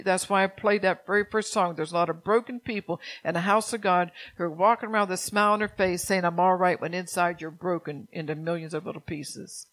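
A middle-aged woman pastor preaching a sermon, earnest and direct with her congregation, dropping soft and low at times and rising to urgent exhortation. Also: low-quality recording. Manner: addresses the congregation directly with "church" and "amen".

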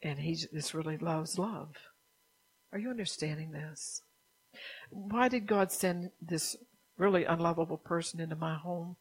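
A woman preaching a sermon who keeps asking the listeners if they understand, sometimes dropping into a soft whisper. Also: low voice, a little slow, breathy edge, rough recording. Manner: drops at times into a soft whisper.

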